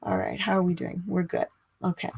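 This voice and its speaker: A middle-aged spiritual teacher gives her talk a little fast, with a lowish, slightly rough voice and vocal fry. She speaks in a chatty, expressive manner and goes higher when acting out inner dialogue.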